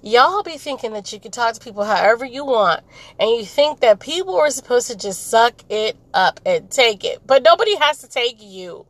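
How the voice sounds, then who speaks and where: A woman's voice: on the high side, lively intonation, normal speed, no echo, rough recording. A woman hosting her own podcast, venting bluntly and repeating herself for emphasis while recording from a car. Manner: blunt, repetitive, emphatic, rambling. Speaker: podcast host. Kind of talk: candid venting monologue. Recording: road noise from a car.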